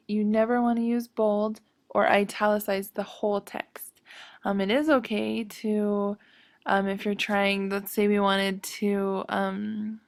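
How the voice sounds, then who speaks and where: A woman's voice: mid-range voice, creaky, no room sound, clean studio sound. A woman teaching a screen-recorded web design tutorial, hesitant and full of ums as she thinks aloud while clicking.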